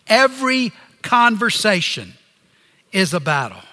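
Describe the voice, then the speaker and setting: Male preacher, high voice, slow deliberate sermon delivery, earnest. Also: huge pitch swings, pushed and bright, in a large hall. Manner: earnest, pausing preaching with phrases dropping low at the end.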